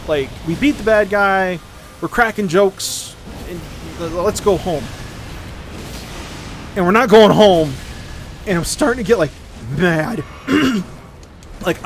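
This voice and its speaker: A man with a high voice tells a rambling, exasperated story while streaming a game. He swears freely and trips over his words. There is a faint hum behind him. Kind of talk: casual storytelling while gaming.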